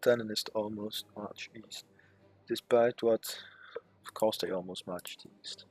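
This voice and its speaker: A man's voice: fairly low pitch, steady tone, a little slow, soft background music. A man giving casual gameplay commentary, reading game text aloud with muttered, swearing asides. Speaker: strategy game let's player.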